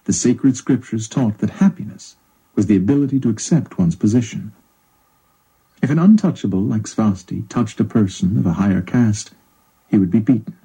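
Man, story narration, dark mellow tone, breathy husky voice. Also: lowish voice, normal speed, rough recording. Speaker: audiobook narrator.

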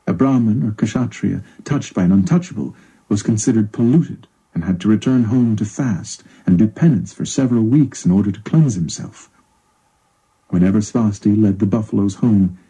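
A man narrating a story in a measured, even storytelling delivery. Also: lowish voice, breathy edge, poor audio. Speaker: audiobook narrator.

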